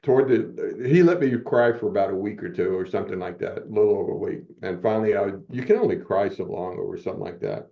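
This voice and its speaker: A man's voice: on the low side, quick pace, creaky, hardly any pauses, phone-quality sound. A man in his seventies telling personal stories as a podcast guest, motivational and acting out quoted dialogue. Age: 70s. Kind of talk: personal storytelling in a podcast interview.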